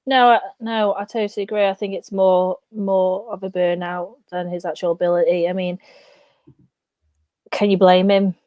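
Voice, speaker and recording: A woman's voice: medium pitch, level tone, normal speed, warm tone, dry recording. Enthusiastic rambling woman fan. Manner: enthusiastic, rambling, says "do you know what I mean". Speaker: podcast co-host. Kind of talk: casual football chat.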